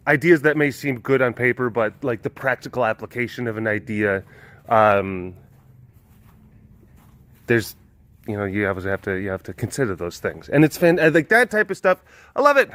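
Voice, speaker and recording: A man's voice: mid-range voice, expressive, normal speed, fairly bright tone, no room sound. Rambling man retelling fables. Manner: rambling, lots of fillers. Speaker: host. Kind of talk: casual storytelling.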